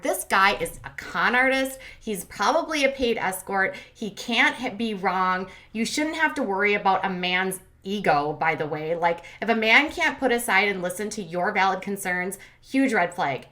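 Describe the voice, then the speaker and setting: A woman's voice: medium pitch, normal speed, hardly any pauses, pushed and bright. A woman in her thirties hosting a casual reality TV recap, sassy and blunt, mocking the cast in put-on voices. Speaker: commentary channel host.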